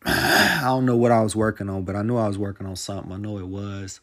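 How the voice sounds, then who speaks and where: A man's voice: lowish voice, quick pace, a bit bright. Profane man telling a story casually. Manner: profane, loose and conversational, full of "man" and "you know"; reflective, drifting into life lessons. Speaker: podcast host.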